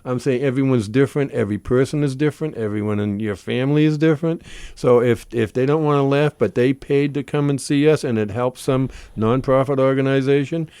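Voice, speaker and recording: A man with a Boston accent, a stage actor telling stories as a talk-show guest, animated and full of restarts. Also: mid-range voice, brisk, smooth, no echo. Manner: animated storyteller with many restarts. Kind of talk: casual talk-show chat.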